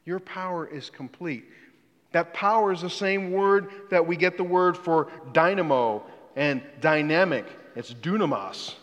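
A middle-aged man preaching a sermon as a pastor, earnest and emphatic, often dropping to a quiet, low voice to stress a point. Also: unhurried, dull audio. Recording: long reverb of a large hall.

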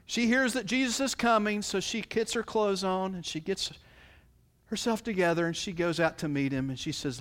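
A man preaching a sermon in a folksy, conversational way, often acting out what people say. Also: moderate pace. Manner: folksy, conversational, acts out quotes with swings in pitch and loudness. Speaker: pastor.

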